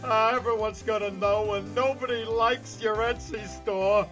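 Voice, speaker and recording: Guy playing a clumsy gruff detective, blustery and kinda goofy, game fan dub. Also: high voice, steady tone, a little slow, over music. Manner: blustery, self-deprecating. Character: gruff bumbling male police detective. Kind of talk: fan voice acting of a game playthrough.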